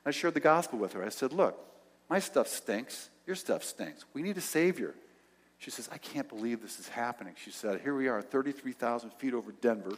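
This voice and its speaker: An older male pastor telling a story in a sermon, acting out the dialogue and dropping to soft tones. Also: mid-range voice, expressive, fairly quick. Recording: long hall reverb.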